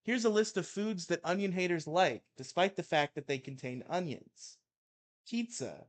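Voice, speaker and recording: Young guy, kinda high voice, reading a rant out loud all mock-angry, laughing at it. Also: expressive, normal speed. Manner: reads with mock outrage, laughing at his own reading. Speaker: co-host reading an article aloud. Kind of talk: casual chat and comic dramatic reading.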